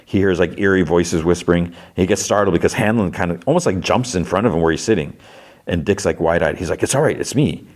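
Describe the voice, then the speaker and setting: A man with a low voice recaps a show in a relaxed, chatty way, full of fillers and restarts. When he quotes characters, he jumps up into a raised, put-on voice. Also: fast talker. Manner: retells scenes, acting out quotes in a raised voice; loose delivery with frequent fillers. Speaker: podcast host. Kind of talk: casual plot recap.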